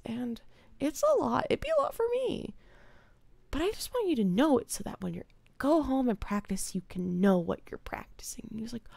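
A woman's voice: mid-range voice, vocal fry, dry recording. A young adult woman streaming a game, chatting casually and telling stories from teaching theater, her voice dropping to a whisper when she quotes a child. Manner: animated, drops to a whisper when quoting a child. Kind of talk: casual storytelling while gaming. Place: home streaming setup.

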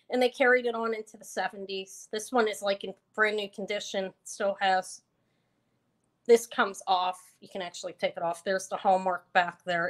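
A woman's voice: on the high side, a bit bright. A woman hosting a live online jewelry auction, chatting casually and rambling with fillers and self-corrections. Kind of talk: casual live-stream selling chat.

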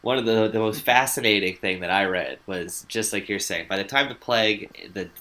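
A man's voice: fairly low pitch, normal speed, pushed and bright. A man co-hosting a podcast, telling a story in a loose, rambling way with frequent swearing and filler words. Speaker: podcast co-host. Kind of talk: casual chat, telling a researched story.

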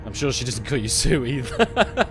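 A man's voice: medium pitch, sing-song, moderate pace. A man chatting and joking casually while streaming a space game live, swearing now and then. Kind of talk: live gameplay commentary. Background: game music.

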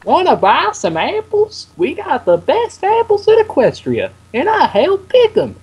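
A man voicing an eager little farm filly who sells apples, pitching them cheerfully. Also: wildly swooping pitch, measured pace, a little mellow, highs cut off, full character voice. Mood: chirpy. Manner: chirpy sales pitch.

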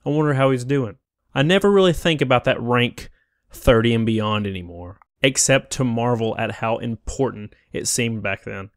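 A man's voice: medium pitch, normal speed, dry recording, studio quality. A man narrating a scripted game review in a wistful, opinionated way. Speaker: YouTube game critic.

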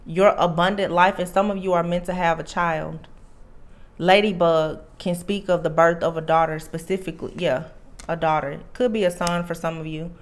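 Low-voiced woman giving an earnest tarot reading. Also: steady tone, moderate pace. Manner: earnest and emphatic, with frequent restarts and "like". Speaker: tarot reader.

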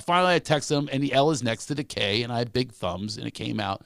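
A middle-aged man, a comedian guest on a podcast, telling comic stories in an animated way and acting out the people he quotes. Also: fast talker, creaky, few pauses, no room sound, clean studio sound. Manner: animated storyteller, acts out quoted voices, big pitch swings. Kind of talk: storytelling in a podcast chat.

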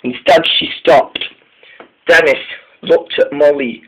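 A man narrating a train story, halting, with frequent restarts and repeated words. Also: fairly high pitch, fairly even intonation, a bit bright, slightly rough, lo-fi sound. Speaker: story reader.

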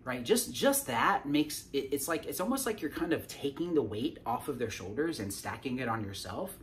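A man's voice: mid-range voice, sing-song, normal speed, slight background noise. Man coaching sales, peppering "right?". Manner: keeps checking in with "right?", frequent restarts and repeated words. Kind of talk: casual teaching to camera.

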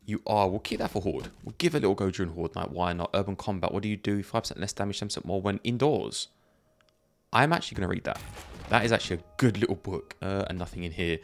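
Here a fast-talking man with a low, creaky voice plays a zombie survival game against slight background noise. The gaming YouTuber keeps his let's play commentary casual, thinking out loud and often breaking into laughter.

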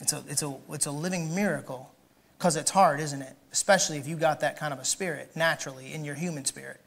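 Man in the pulpit, bright and forceful, who builds to shouts and then drops to low asides while checking the room. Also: fairly even intonation, fast talker, creaky. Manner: swings from shouted emphasis to quiet, joking asides; asks the congregation questions directly. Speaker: pastor. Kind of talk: sermon. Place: church.

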